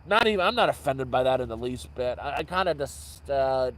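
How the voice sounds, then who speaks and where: A man's voice: mid-range voice, expressive, fairly quick, fairly bright tone, rough recording. A man vlogging from an outdoor camp at night, telling rambling stories and often correcting himself mid-sentence. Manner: rambling, self-correcting storyteller. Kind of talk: casual storytelling livestream.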